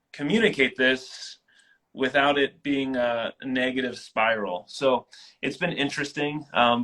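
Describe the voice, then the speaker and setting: A man in his thirties, a guest in an interview, telling personal stories in a casual, animated way. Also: mid-range voice, poor audio. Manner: animated, acts out quoted voices.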